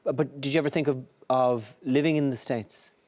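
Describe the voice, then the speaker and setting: A man's voice: medium pitch, fairly quick, a little mellow. An Irish man hosting a talk show, asking short, encouraging questions. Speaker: host. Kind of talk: casual chat.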